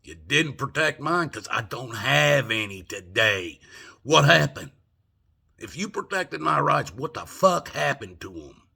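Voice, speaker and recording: A man's voice: medium pitch, big pitch swings, measured pace, creaky, bright, forceful tone, husky. An older man ranting angrily from home, profane and indignant, firing off rhetorical questions. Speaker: vlogger. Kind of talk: angry political rant.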